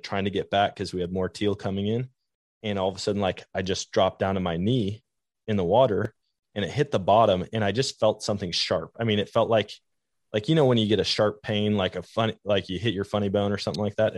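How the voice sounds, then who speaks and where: A man with a low voice hosts a podcast, telling his stories in a casual, meandering way. He leans on "like" as a filler. The sound is dry and close. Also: no echo. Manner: rambling anecdotes with many "like" fillers. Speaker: podcast host. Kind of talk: casual storytelling chat.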